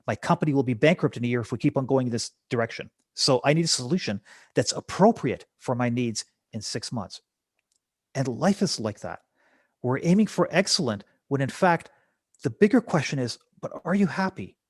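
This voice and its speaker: A man's voice: mid-range voice, expressive, normal speed, husky, dry recording, studio quality. A man speaking as a podcast guest, telling stories and reflecting with rhetorical questions. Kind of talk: conversational storytelling.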